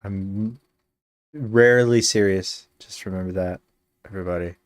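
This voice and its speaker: A man's voice: deep voice, moderate pace, no echo. A male game streamer chatting casually on a live stream, rambling with many fillers and slipping in dry jokes.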